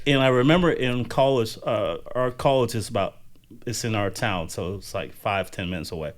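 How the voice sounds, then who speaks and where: A man's voice: fairly low pitch, moderate pace. A man from the American South talks in a loose, casual way on a podcast. He often restarts his sentences and swears freely. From Southern United States. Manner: relaxed, frequent restarts and swearing. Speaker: podcast co-host. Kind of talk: casual chat.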